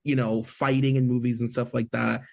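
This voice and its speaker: A man's voice: medium pitch, little pitch movement, normal speed, gravelly, darkish tone. A man co-hosting a podcast, chatting loosely about a film and leaning on "like" a lot. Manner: chatty, heavy on filler "like". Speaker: podcast co-host. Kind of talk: casual movie review chat.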